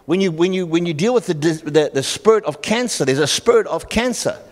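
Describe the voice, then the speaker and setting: A man in middle age delivers a sermon from the pulpit in a fairly high voice. He tells stories with stumbles and restarts and acts out the people in them. His voice trails off into the long reverb of a church hall. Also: lively intonation, a little fast. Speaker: pastor.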